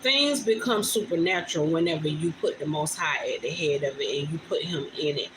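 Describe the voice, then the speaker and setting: A woman's voice: low-pitched, fairly quick. A young woman, talking chattily and with feeling to viewers on a phone livestream from home. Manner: chatty, emotional, addresses viewers as y'all. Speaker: vlogger on a livestream. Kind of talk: casual heartfelt livestream talk. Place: home indoors. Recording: phone recording with clear background noise.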